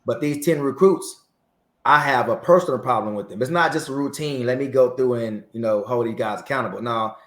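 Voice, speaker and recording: Marine vet guy in his 40s spinning a story, plays out the dialogue, mid pitch, roomy echo. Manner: lively storyteller who acts out dialogue. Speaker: guest, Marine veteran. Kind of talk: storytelling interview.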